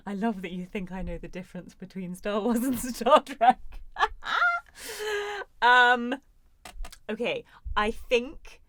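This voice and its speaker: Low-voiced woman in her thirties, chatty. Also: fairly bright tone, no room sound. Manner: chatty, self-mocking, playful humor. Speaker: actor answering fan questions. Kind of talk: casual chat. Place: recording studio.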